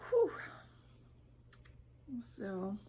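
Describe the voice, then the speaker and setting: A woman vlogging casually from her home kitchen, chatty and emotional, sometimes dropping to a soft whisper. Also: medium pitch, huge pitch swings, drawn-out words, husky. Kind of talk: casual home vlog chat.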